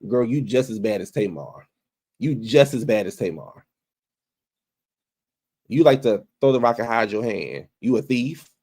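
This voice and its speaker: A man's voice: fairly low pitch, expressive, a little slow, long pauses, darkish tone, slightly rough. A man giving casual commentary, repeating phrases for emphasis and calling out people directly. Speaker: commentary vlogger.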